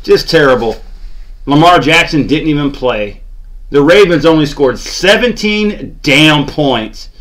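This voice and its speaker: A man's voice: fairly high pitch, animated, a little slow, a bit bright. A man ranting about his team's loss, exasperated and sarcastic, groaning and mocking. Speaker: sports channel host. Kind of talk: ranting fan commentary.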